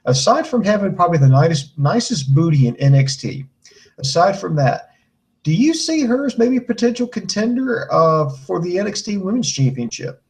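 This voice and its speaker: A man's voice: high voice, very animated, moderate pace, rough recording. A man co-hosting a podcast, recapping a wrestling show with lots of fillers and crude jokes. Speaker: podcast co-host.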